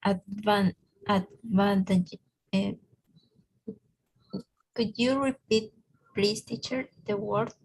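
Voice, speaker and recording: Slow, hesitant woman student on a call. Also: mid-range voice, creaky, breathy edge. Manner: hesitant, quiet answers. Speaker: English student. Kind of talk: online English lesson. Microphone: video call.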